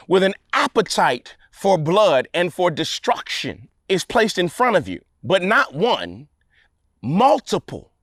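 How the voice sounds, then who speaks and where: A man preaches a sermon in a high, very animated voice that leaps between loud peaks and quiet lows. He drives home repeated refrains with dramatic pauses. The sound is close and dry, with no room echo. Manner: preaching with call-and-response repetition and dramatic pauses. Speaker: pastor.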